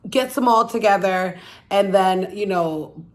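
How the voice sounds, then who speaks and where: A woman's voice: medium pitch, measured pace. A woman hosting her own channel, casually recapping a film's plot in a rambling way, full of "like" and "you know," and swearing bluntly. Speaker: YouTube channel host.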